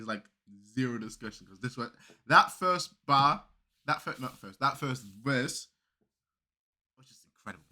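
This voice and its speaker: Bright-voiced excitable reaction host. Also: male voice, mid-range voice. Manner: excitable, rambling, full of fillers and restarts. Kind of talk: casual commentary reacting to a video.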